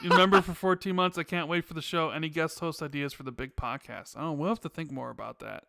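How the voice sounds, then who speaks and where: A man co-hosting a casual podcast chat, reading out viewer questions, relaxed and teasing. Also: a little high, fast, gravelly, no echo, clean studio sound.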